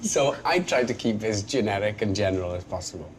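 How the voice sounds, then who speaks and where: A man's voice: on the low side, lively intonation, fairly quick. A Welsh man in his forties, an actor chatting casually in an interview, self-deprecating and jokey with many restarts. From Wales. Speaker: actor guest.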